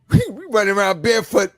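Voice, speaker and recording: A man co-hosting a barbershop podcast, telling animated stories in casual chat. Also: sits high, brisk, no room sound, studio quality. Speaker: podcast co-host.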